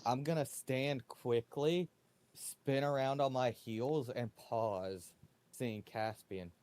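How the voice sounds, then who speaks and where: A man calmly describes his character's actions in a tabletop game. His voice is mellow and dark, and he speaks slowly and measuredly. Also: mid-range voice. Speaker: player.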